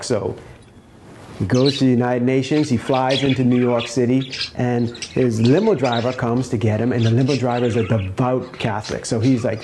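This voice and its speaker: A man's voice: mid-range voice, noisy background. Chatty man telling a joke. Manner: chatty, repeats "okay?". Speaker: comedy show host. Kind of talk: casual joke-telling to a pet bird.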